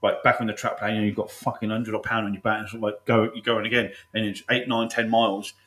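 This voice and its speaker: Fast-talking man, echoey room. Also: lowish voice, level tone, fairly bright tone. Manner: swearing, laughing army anecdotes. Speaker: podcast host. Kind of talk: casual storytelling chat.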